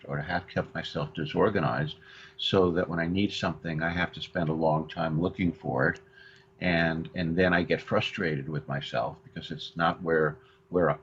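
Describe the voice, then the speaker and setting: A male co-host on a counseling radio show, speaking haltingly with many restarts. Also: deep voice, a bit bright. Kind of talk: radio talk show discussion. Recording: dull lo-fi radio audio with faint hiss.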